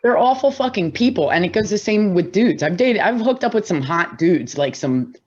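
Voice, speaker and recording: A woman's voice: mid-range voice, lively intonation, normal speed, a little mellow, slightly rough, highs cut off. A woman co-hosting a podcast in casual chat, blunt and swearing freely, often laughing. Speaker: podcast co-host.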